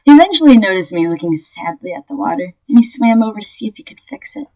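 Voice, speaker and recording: A young woman reading aloud a story she wrote, telling it in a lively way with bursts of laughter. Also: mid-range voice, fast. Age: young adult. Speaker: vlogger. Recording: dull lo-fi webcam audio.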